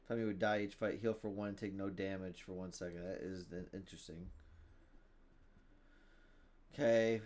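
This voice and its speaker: A man giving live commentary on his own game, thinking out loud, reading card text aloud and bursting into loud cheers. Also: fairly low pitch. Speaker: gameplay streamer.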